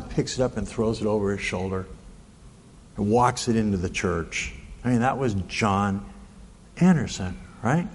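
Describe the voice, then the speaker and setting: A man in his sixties preaching a sermon, telling stories in a folksy way with frequent "right?" and "okay?" asides. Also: mid-range voice. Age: 60s. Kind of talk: sermon storytelling. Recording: long reverb of a large hall.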